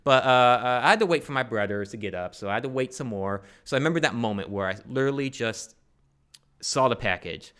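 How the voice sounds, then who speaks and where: A man's voice: medium pitch, expressive, fast, a bit bright, smooth. Rambling, joking man telling a story. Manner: rambling, joking, many fillers and restarts. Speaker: storyteller on stage. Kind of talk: personal story told to a live audience.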